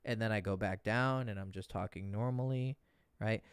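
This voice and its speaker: A man's voice: lowish voice, normal speed, clean tone, dry recording, clean studio sound. A man coaching dating on a livestream Q&A, blunt and profane, swinging his voice up and down to show how rhythm works.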